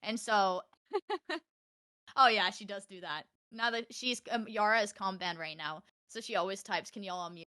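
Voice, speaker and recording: Animated bright-voiced young woman. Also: medium pitch, a little slow, dry recording, studio quality. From Norway. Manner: animated, laughs often, acts out quotes. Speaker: streamer, podcast guest. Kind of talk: casual chat.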